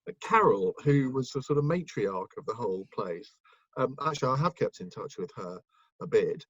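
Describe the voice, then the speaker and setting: Husky man reminiscing, dull dry sound. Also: medium pitch, expressive, normal speed, a bit bright, no room sound. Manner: rambling, with many ums and restarts. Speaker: guest, broadcaster and author. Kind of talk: casual interview reminiscence.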